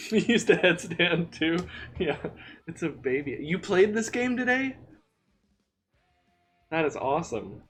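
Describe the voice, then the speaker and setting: A man's voice: fairly high pitch, slow, long pauses, breathy edge, soft background music. A man hosting a live gameplay stream, chatting casually and laughing often while he plays. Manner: giggly, excitable, talks to chat. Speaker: streamer host.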